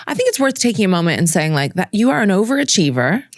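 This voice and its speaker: A woman's voice: medium pitch, very animated, quick pace, dry recording, clean studio sound. A woman hosting a podcast interview, affirming her guest in casual chat. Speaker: podcast host.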